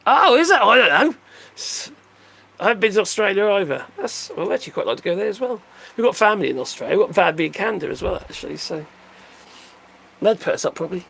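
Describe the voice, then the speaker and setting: Older man, lively creaky voice. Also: high voice, fast talker. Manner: rambling, jokey, laughs often, answers viewer comments. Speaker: livestream host reading chat. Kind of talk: casual livestream chat. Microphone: phone.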